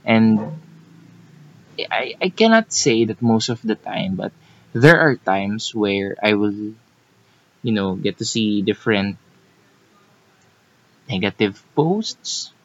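A man's voice: lowish voice, expressive, slow, long pauses, lo-fi sound. A man co-hosting a casual podcast chat, teasing and restarting his sentences as he talks. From Philippines. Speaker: co-host.

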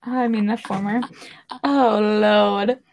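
A woman co-hosting a podcast in casual chat, laid-back and drawn-out, with many fillers. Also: mid-range voice, steady tone, gravelly, darkish tone, a little hiss or hum. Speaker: podcast co-host.

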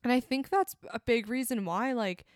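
A woman's voice: a little high, moderate pace, no room sound, clean studio sound. A young woman in casual chat, reflecting on a TV drama in a thoughtful way, with many fillers.

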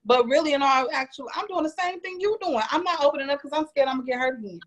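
A woman's voice: high voice, quick pace. A woman guest on a podcast talking in a blunt, teasing way and pressing hard for yes-or-no answers. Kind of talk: casual podcast debate.

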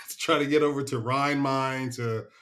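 A man's voice: medium pitch, steady tone, moderate pace, a bit bright. A middle-aged man, a retired senior military leader, is a podcast guest telling laid-back, salty war stories with frequent chuckles. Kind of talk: casual storytelling interview.

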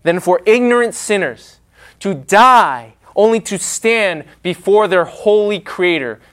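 A man preaching a sermon, with a dramatic, emphatic delivery and pauses. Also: high-pitched, expressive, a bit bright.

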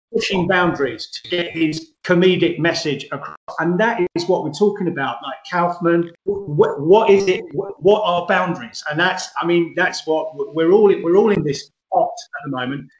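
A middle-aged man, an actor, talking through his ideas in an earnest, rambling way during an interview. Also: fairly high pitch. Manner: earnest, rambling, lively emphasis. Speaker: guest actor. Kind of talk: conversational interview. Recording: roomy echo.

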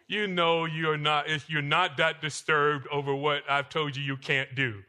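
A male pastor preaching a sermon in a church, swinging between loud emphatic lines and quiet asides. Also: on the high side, level tone, unhurried, hardly any pauses. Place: church sanctuary.

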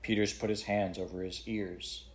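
A man reading a children's book aloud to a child at bedtime in a steady, expressive way. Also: on the low side, moderate pace.

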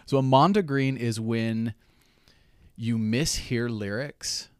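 A man's voice: medium pitch, takes it slowly, clear, resonant tone, dry recording. A middle-aged man hosting a podcast in a studio, chatty and self-deprecating, with lots of fillers and restarts. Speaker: podcast host. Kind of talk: casual podcast chat.

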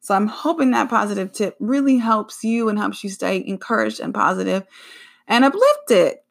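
Chatty creaky-voiced woman podcaster. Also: mid-range voice. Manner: chatty and rambling, with frequent self-corrections. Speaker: podcast host. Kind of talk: casual solo podcast chat.

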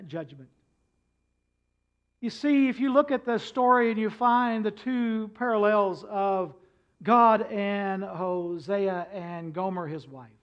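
A man preaching a sermon as pastor, swinging from quiet passages to loud ones, with frequent "uh" fillers. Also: sits high, lo-fi sound.

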